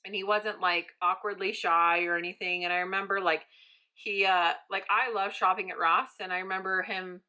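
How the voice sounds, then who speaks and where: A bright-voiced young woman talking casually to her audience. She rambles along in a lively way, often slipping into the voices of the people in her story. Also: mid-range voice, moderate pace, smooth. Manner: chatty, animated, acts out quoted dialogue. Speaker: vlogger.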